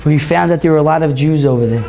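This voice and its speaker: A man who is a rabbi and teacher, giving an impassioned sermon at an event that builds to near-shouts. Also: a little high, very fast, gravelly, background noise. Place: event hall.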